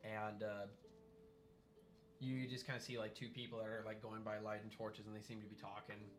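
A man's voice: fairly low pitch, level tone, normal speed, music in the background. A man narrating a tabletop game as game master, describing scenes in a loose, rambling way with many fillers.

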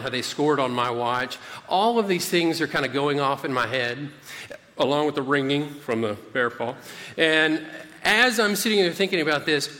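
Bright-voiced pastor preaching in an echoey hall. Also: male voice, mid-range voice. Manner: animated storyteller, frequent "okay?" check-ins. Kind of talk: sermon with storytelling.

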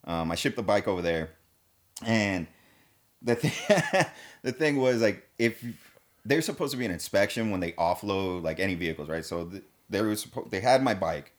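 A man with a fairly low voice tells a long story in a relaxed conversation. He is slangy and laid-back, swears constantly, and keeps calling his listeners dude and man. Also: normal speed. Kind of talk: casual storytelling.

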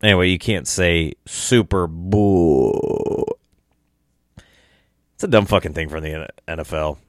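A man's voice: deep voice, a little slow, no echo, clean studio sound. A young man hosting a solo podcast, tired and tipsy, rambling casually and swearing a lot. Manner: rambling, profane, laid-back. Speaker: podcast host.

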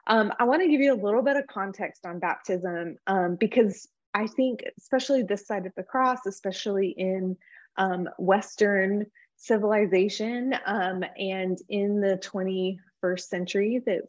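Woman teaching Bible study, lots of ums. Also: mid-range voice. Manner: relaxed, frequent filler words. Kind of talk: conversational teaching with scripture reading. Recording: dull lo-fi recording.

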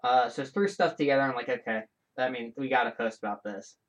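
A man hosting his own show in a casual, rambling solo chat, animated and full of restarts and side comments. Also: mid-range voice, fast talker. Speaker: show host.

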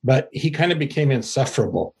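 An older man, an author, giving a slow, rambling, self-deprecating interview answer. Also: mid-range voice, lively intonation, slightly rough.

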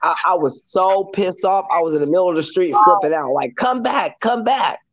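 A young man telling a story in casual group chat, animated and repetitive, often saying "listen" and "bro". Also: fairly high pitch, brisk, muffled recording.

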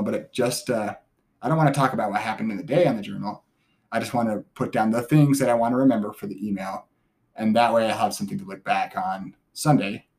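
A man's voice: on the low side, a little mellow. A man co-hosting a family podcast, chatting casually with hesitant restarts and easy laughs. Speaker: podcast co-host. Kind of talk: casual chat.

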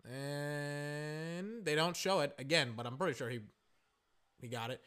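A man giving casual live reaction commentary while watching a football game, rambling and calling plays excitably as they happen. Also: on the high side, a little slow, smooth.

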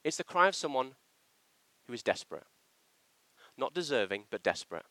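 A male preacher giving a sermon, his pitch rising and falling with lively movement. His tone is bright and a touch sharp, and the sound is close and dry with hardly any room echo. He stresses his points hard and acts out short quoted lines. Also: moderate pace. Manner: animated, emphatic delivery with acted quotations. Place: church.

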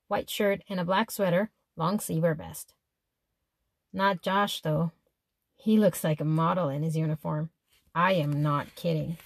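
A woman's voice: mid-range voice, vocal fry, no room sound, studio quality. A woman narrating a teenage girl's diary in the first person, chatty and exasperated. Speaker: audiobook narrator.

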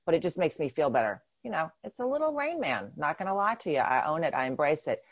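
Low-voiced fast-talking woman. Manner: animated, self-deprecating, with restarts. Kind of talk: casual chat.

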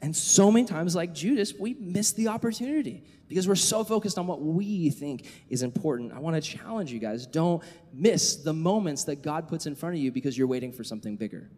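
A young man preaching to a youth group, telling a story with animated delivery and casual filler words. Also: fairly high pitch, fairly quick, hardly any pauses. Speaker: youth pastor. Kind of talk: sermon to youth. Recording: echoey hall reverb.

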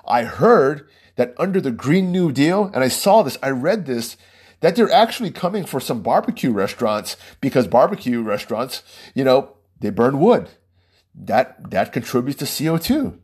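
A man's voice: mid-range voice, big pitch swings, normal speed, a little mellow, husky. A man hosting his own small podcast, giving a heated, rambling political monologue and laughing between points. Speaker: podcast host.

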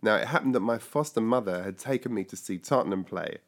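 A man in his sixties from England, telling his life story in a lively conversational way and acting out the voices of people he remembers. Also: on the low side, fast talker.

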